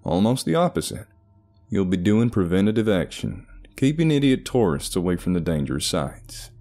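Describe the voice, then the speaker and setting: A man voicing a calm male therapist in a horror story, speaking in a reassuring, gently insistent way. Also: deep voice, moderate pace, soft background music.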